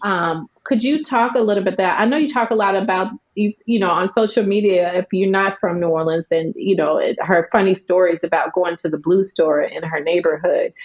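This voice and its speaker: A woman's voice: lowish voice, brisk, hardly any pauses. A woman hosting an interview show, friendly and a little hesitant, laughing often. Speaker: podcast host. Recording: dull lo-fi sound.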